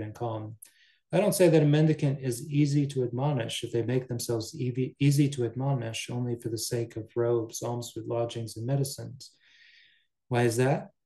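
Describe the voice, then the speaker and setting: A man giving a Buddhist teaching, reading a story and adding relaxed asides. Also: medium pitch. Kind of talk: dharma talk, reading and commenting. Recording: roomy echo.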